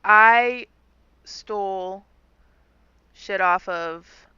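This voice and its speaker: A woman's voice: mid-range voice, drawn-out words, pushed and bright, smooth, dry recording. Casting: a woman tabletop player, casual and swearing, on a dry, lo-fi mic. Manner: casual, chatty, swearing, many "like"s. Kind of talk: casual tabletop game play.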